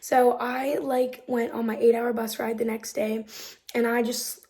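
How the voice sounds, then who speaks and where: A woman's voice: on the high side, little pitch movement, unhurried, mellow. A young woman chatting casually to her camera in a hostel room, upbeat and full of "um" and "like". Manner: chatty, upbeat, lots of fillers like "um" and "like". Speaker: travel vlogger. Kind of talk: casual vlog chat to camera.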